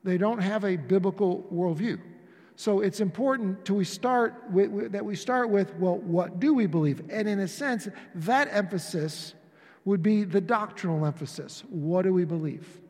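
A pastor's sermon, recorded with the echo of a church hall, comes in a high-pitched, darkish voice at a moderate pace. He addresses his congregation in the sanctuary conversationally, acting out brief exchanges along the way.

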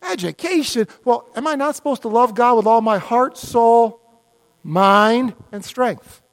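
High-voiced male pastor preaching. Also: measured pace. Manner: animated, conversational preaching with mock dialogues. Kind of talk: sermon.

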